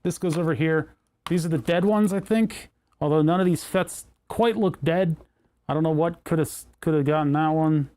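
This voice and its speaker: A man's voice: fairly high pitch, normal speed, a little mellow. A man hosting a casual livestream, rambling and self-mocking as he thinks aloud while tinkering with electronics. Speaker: livestream host.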